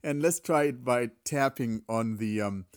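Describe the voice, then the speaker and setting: A man hosting a casual spoken tech demo, relaxed and chatty, laughing when things go wrong. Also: medium pitch, measured pace. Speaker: host recording a tech demo.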